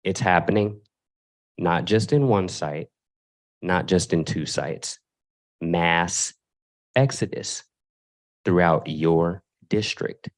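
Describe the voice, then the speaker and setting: A man's voice: low voice, takes it slowly. A man giving an impassioned public comment at a school board meeting, asking the board pointed rhetorical questions.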